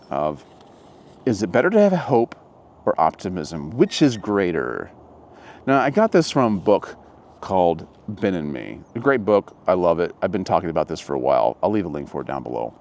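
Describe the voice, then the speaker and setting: A man with a lowish voice talks to camera outdoors in a relaxed, reflective way. His pitch rises and falls a lot as he muses, and he often trails off and restarts his sentences. A faint outdoor hum sits behind him. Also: moderate pace. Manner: musing, rambling, with frequent restarts. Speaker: motivational vlogger. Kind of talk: casual reflective monologue.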